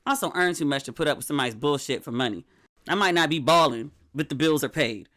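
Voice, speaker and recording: A middle-aged woman hosting her own podcast in casual solo chat, candid and chatty, acting out her friends' lines in lively voices. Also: low-pitched, fast. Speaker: podcast host.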